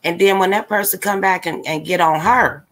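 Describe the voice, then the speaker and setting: A woman with a somewhat low voice rants casually to her livestream audience. She is blunt and exasperated, and she speaks straight to the people watching. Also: steady tone, moderate pace, a bit bright. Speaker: livestream commentator. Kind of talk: casual ranting commentary.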